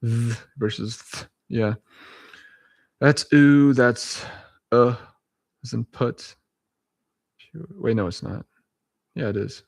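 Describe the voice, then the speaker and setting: A man's voice: medium pitch, extremely slow, gravelly, pauses often, no room sound. A man in a casual vlog reading dictionary abbreviations aloud letter by letter. He chuckles often, corrects himself and drifts into rambling asides. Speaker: vlogger.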